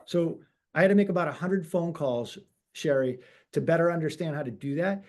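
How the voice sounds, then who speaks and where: Animated high-voiced man telling stories. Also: a little fast. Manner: animated storyteller acting out quoted dialogue. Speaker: real estate broker and guest. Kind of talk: webinar interview storytelling.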